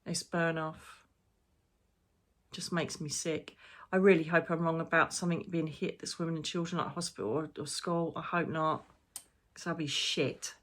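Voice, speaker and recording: A woman speaks in a loose, spiritual monologue as a psychic medium. Her voice sits a little low. She rambles and gets emotional, with the odd casual swear. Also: steady tone, normal speed, fairly bright tone.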